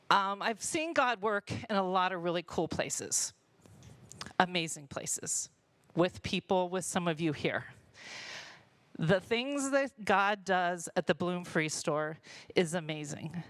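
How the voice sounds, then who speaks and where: A woman's voice: mid-range voice, fairly bright tone, no echo, rough recording. A woman telling heartfelt stories about her work leading a charity store, at a church gathering. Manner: heartfelt storytelling, emotional. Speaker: charity store volunteer leader. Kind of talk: church testimony talk.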